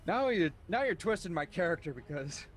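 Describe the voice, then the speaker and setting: A man's voice: fairly high pitch, animated, a little fast, fairly bright tone, soft background music. A man playing at a tabletop game, talking in an amused, casual way. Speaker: player.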